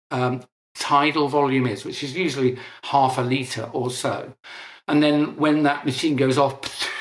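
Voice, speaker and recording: A man's voice: mid-range voice, fairly bright tone, reverberant. A middle-aged man, an interview guest, explaining at length in a conversational, emphatic way and correcting himself as he goes.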